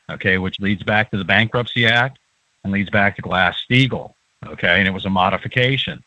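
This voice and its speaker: A man's voice: lowish voice, pushed and bright, dry recording, lo-fi sound. A man who is a guest on a radio talk show, explaining in a lecturing way and often checking in with "okay".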